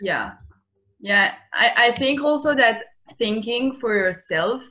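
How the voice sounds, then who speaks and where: A woman's voice: a little high, expressive, takes it slowly, pushed and bright, poor audio. A woman hosting a podcast, talking thoughtfully and searching for her words in a casual interview. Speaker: podcast host.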